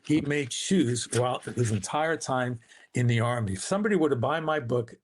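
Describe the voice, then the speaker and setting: A man's voice: mid-range voice, moderate pace, background noise. A man, a guest author, telling a family story in a podcast interview, acting out the quoted voices.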